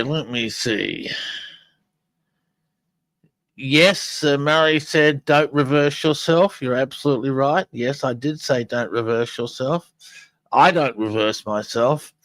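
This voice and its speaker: A man's voice: mid-range voice, fairly bright tone, no echo, rough recording. A man hosting a live podcast, talking casually and rambling with many fillers and restarts. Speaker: podcast host.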